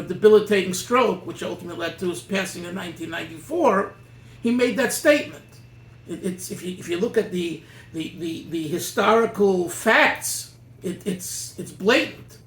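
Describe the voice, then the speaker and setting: A man giving an emphatic teaching talk to a gathering as a rabbi, animated and full of restarts. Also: high voice, echoey room.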